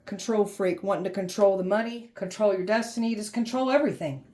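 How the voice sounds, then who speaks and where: A woman's voice: mid-range voice, brisk, mellow, slight background noise. A woman giving a blunt tarot reading, sassy and heated, swearing freely and mocking the people she describes. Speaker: tarot reader.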